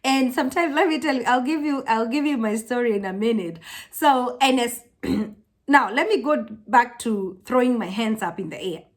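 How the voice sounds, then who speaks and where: Animated African woman chatting to camera. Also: normal speed. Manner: animated storytelling, acts out quotes in high voices. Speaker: vlogger. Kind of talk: casual chat to camera.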